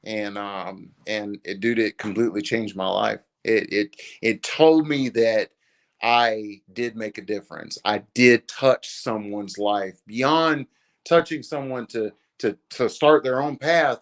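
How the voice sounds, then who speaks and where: A man's voice: on the low side, slow. A man, a podcast guest, earnestly telling a personal story in casual speech, peppered with "dude" and "man". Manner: earnest, says "dude" and "man" often, chokes up at times. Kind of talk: emotional storytelling in a podcast conversation.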